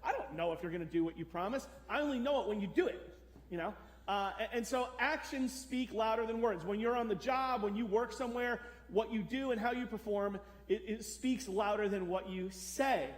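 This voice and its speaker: A man's voice: sits high, a little fast. A man preaching a sermon as pastor, talking conversationally and putting questions to the congregation. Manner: conversational, asks the audience questions. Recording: echoey church hall.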